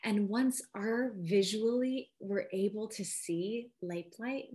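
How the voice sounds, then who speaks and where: A woman's voice: medium pitch, slow pace, dark tone. A woman giving a casual, enthusiastic gardening lesson, chatty and full of asides. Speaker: seed company gardening educator.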